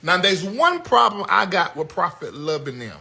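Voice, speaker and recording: Man as show host, high-pitched, very bright sharp tone, blunt animated comedic rant. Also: normal speed, gravelly. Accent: American. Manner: animated, blunt, yelling outbursts.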